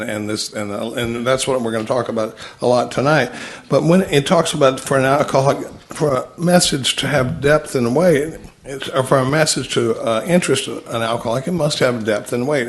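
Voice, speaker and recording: A man giving a folksy, conversational talk to a recovery meeting, often repeating words and restarting sentences. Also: medium pitch.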